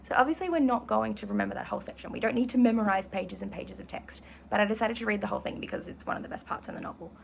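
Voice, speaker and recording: Woman, teacher, gravelly fry, enthusiastic, literature lesson, slight hiss behind. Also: medium pitch, rapid-fire, hardly any pauses, poor audio. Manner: enthusiastic, self-correcting while reading. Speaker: English teacher. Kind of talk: literature lesson with read-aloud passage.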